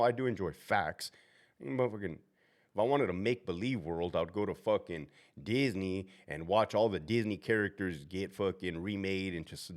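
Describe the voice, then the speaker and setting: A middle-aged man, a former prison officer, giving a casual, profane monologue full of stories and asides. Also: low-pitched. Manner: profane, animated storytelling with asides.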